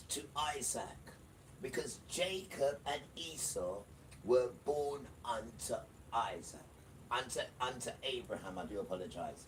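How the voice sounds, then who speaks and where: A man's voice: medium pitch, lively intonation, unhurried, a little hiss or hum. A man preaching an emphatic livestream sermon, repeating phrases and speaking straight to the listener. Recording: distant mic with loud music behind.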